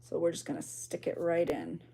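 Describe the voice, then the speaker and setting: A junk journal creator, an adult woman with a child, hosts a livestream while crafting, chatting casually and reading viewer comments aloud with gasps and exclamations. Her voice sits on the low side with a dark tone, very animated at a moderate pace.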